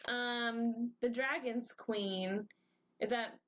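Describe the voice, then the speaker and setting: A woman's voice: fairly high pitch, fairly even intonation, very slow, fairly bright tone, a little hiss or hum. A woman co-hosting a casual podcast chat, playfully reading book blurbs aloud and joking when she stumbles over names. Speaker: podcast co-host.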